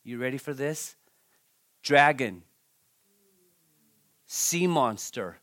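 Expressive preacher man, slightly high voice. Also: normal speed. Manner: expressive scripture reading with dramatic emphasis; conversational asides to the congregation. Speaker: pastor. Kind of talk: sermon.

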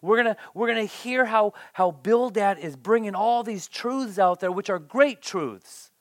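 A pastor preaching a sermon in an animated way, often repeating words and briefly acting out the people quoted. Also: medium pitch, measured pace, no room sound.

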